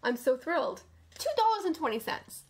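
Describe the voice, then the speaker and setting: A woman hosting a knitting podcast in casual chat, gushing with enthusiasm and often dropping to a soft near-whisper. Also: sits high, very animated, moderate pace, background noise.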